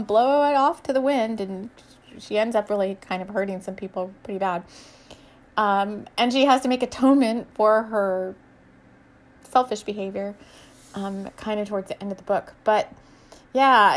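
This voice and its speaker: Soft-spoken woman reading her novel aloud. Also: a little high. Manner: soft, musing, laughs and hesitates often. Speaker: author and spiritual reader.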